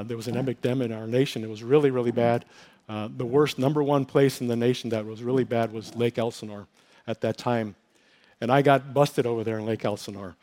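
A middle-aged male pastor, his medium-pitched voice a little mellow, gives an earnest, emotional testimony during a sermon. He tells his story with many fillers and restarts.

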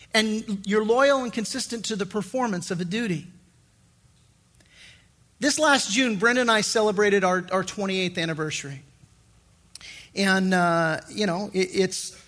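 A middle-aged man with a high voice preaches a sermon as a pastor, keeping it lively and conversational while frequently restarting his sentences.

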